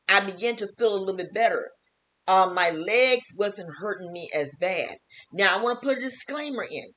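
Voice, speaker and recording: A woman's voice: medium pitch, fairly bright tone. A woman, a health vlogger and teacher, talking earnestly and repetitively in a casual home wellness vlog from her kitchen.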